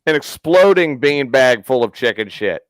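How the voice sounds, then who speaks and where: A man's voice: mid-range voice, expressive, moderate pace, no room sound. A man hosting a casual podcast, telling a long profane story and acting out the quotes. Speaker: podcast host.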